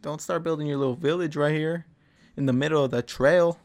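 A man's voice: fairly high pitch, steady tone, a little fast, darkish tone. A young man hosting a podcast, delivering a blunt, rambling motivational monologue full of swearing. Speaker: podcast host.

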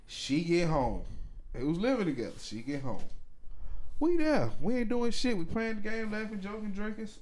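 A man's voice: high-pitched, normal speed. A man telling a long story in casual podcast chat, acting out the people in it with heavy slang. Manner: animated storyteller, acts out quotes, heavy slang. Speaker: podcast co-host.

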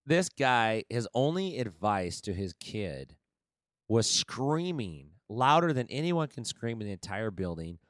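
A man co-hosting a podcast in casual chat, telling stories in an animated way and saying "man" and "dude" often. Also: on the low side, dry recording, studio quality. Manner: animated storytelling, says "man" and "dude" a lot. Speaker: podcast co-host and kids' jiu-jitsu coach.

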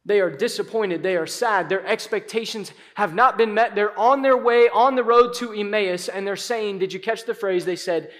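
Male pastor with a high voice, conversational and animated sermon delivery, dramatic pauses.

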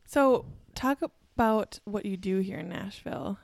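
Young Minnesota woman host, mid pitch, gravelly fry, dry close sound, friendly questions. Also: a little slow, darkish tone, no echo. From Minnesota, USA. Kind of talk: casual chat.

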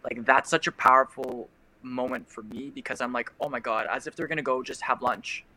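A man guesting as a film critic on a casual podcast. His tone is very bright and sharp, with a mid-range pitch, and he gushes with enthusiasm. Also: fairly even intonation, brisk, no room sound. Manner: enthusiastic, gushing. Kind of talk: casual chat.

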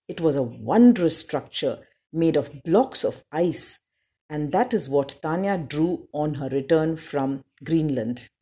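Slow, low-voiced woman reading a storybook. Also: breathy edge. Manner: slow, expressive read-aloud with small slips. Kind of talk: storybook narration.

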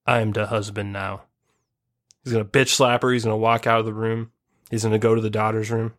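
A man co-hosting a podcast, spinning a long absurd comic story and acting out the people in it. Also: on the low side. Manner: spins absurd stories, acts out quoted characters. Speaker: podcast co-host. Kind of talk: casual comedic chat.

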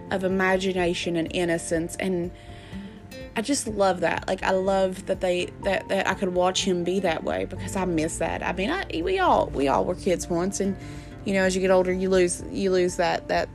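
A woman's voice: medium pitch, vocal fry. A woman, chatting and laughing as she rambles through stories about her children. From West Virginia. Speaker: mother telling family stories. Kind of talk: casual storytelling to viewers.

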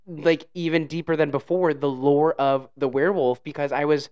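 A podcast host in easygoing chat, telling rambling, animated stories. The voice is clear and smooth and sits at a middling pitch. Now and then the host slips into silly put-on voices. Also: normal speed, highs cut off. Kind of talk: casual chat.

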